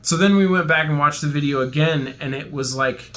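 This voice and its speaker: A man's voice: on the high side, fairly quick, fairly bright tone. A young man co-hosting a podcast, telling a long story in casual chat, rambling and jokey, laughing often. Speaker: podcast co-host.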